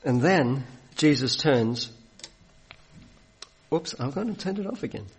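A man's voice: mid-range voice, animated, measured pace, slightly rough. A man preaching a sermon, retelling a gospel story and acting out the voices of its people. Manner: storytelling, acts out voices of biblical figures.

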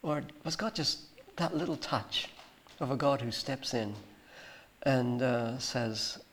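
A man's voice: mid-range voice, slow pace, fairly bright tone, a little hiss or hum. A man telling a personal story with a spiritual point, in a rambling, hesitant way with many ums and restarts. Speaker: speaker sharing a personal testimony.

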